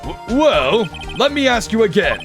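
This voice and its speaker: Mild, easily swayed old judge, read by a male streamer in a lowered voice, ponderous and hesitant, with game music behind. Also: sing-song, measured pace, full character voice.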